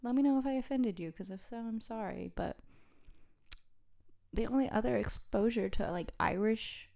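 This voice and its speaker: A woman's voice: a little high, moderate pace, gravelly, warm tone. A woman co-hosting a casual podcast, rambling and self-deprecating, often giggling. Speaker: podcast co-host.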